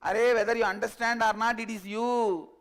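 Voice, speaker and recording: A man doing a loud insistent lion. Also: sits high, fairly even intonation, a little fast, clean tone, voice pushed up. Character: wise calm lion, insistent.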